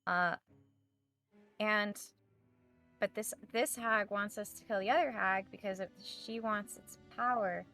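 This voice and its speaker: A woman player speaks in character during a tabletop game, hesitant and thinking aloud. Her voice is mid-pitched. Soft music plays behind her. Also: fairly even intonation, a little slow, pauses often.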